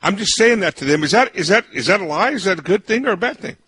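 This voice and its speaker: A man's voice: high-pitched, expressive, quick pace, pushed and bright, a little hiss or hum. A man hosting a radio interview in a folksy way, often repeating words as he searches for what to say. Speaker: radio host.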